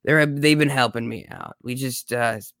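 A man answering interview questions in character, joking and talking in halting starts with frequent restarts. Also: medium pitch, creaky, a bit bright, dry recording, studio quality. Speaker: guest.

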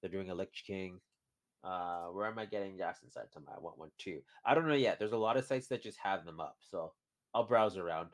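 A man's voice: sits low, fairly quick. A man co-hosting a podcast in casual chat, rambling from point to point with chuckles in between. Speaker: podcast co-host.

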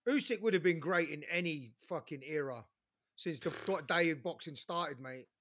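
A man's voice: fairly high pitch, moderate pace, a bit bright, dry recording, clean studio sound. A man co-hosting a boxing podcast, blunt and swearing, with short interjections. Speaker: podcast co-host. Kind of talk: casual podcast chat.

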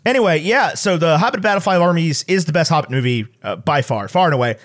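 A man's voice: fairly high pitch, expressive, fast, a bit bright. A man co-hosting a casual podcast, giving emphatic, enthusiastic movie verdicts. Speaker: podcast co-host, movie reviewer. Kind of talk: casual chat.

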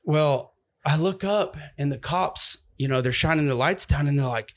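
Young guy, slightly high voice, animated storyteller who mimics others. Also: moderate pace. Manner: animated, acts out voices with big pitch jumps. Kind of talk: casual storytelling chat.

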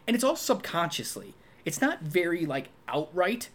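A man co-hosting a casual movie review chat, talking animatedly and acting out quoted lines in a high voice. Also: very animated, normal speed, few pauses, a bit bright. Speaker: podcast co-host.

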